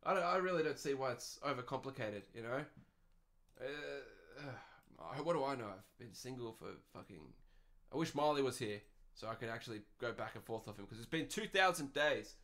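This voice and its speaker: A man's voice: medium pitch, animated, moderate pace, fairly bright tone. A man in his twenties with an Australian accent, hosting a podcast and ranting in a sardonic, profane way. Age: 20s. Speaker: podcast host. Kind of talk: casual podcast rant.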